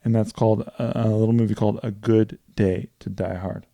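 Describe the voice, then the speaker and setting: A man telling movie stories in a casual podcast chat, profane and animated as he recaps plots. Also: fairly low pitch, fairly quick, dry recording. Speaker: podcast co-host.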